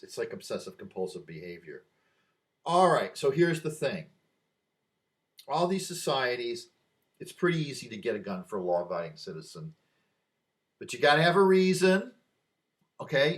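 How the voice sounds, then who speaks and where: An older man vlogging a rambling opinion monologue, drifting off on asides and growing emphatic when he argues a point. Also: medium pitch. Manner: easily distracted, wandering asides.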